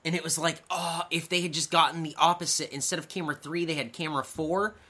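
A man co-hosting a podcast, recapping wrestling matches in casual chat and acting out the wrestlers' lines in loud bursts. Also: on the high side, fairly even intonation, fast. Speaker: podcast co-host.

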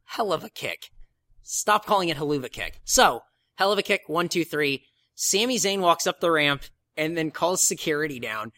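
Male co-host, bright and slightly high voice, excitable casual recap delivery. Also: moderate pace. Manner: excitable, recounts with quoted lines. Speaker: podcast co-host. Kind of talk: casual wrestling recap chat.

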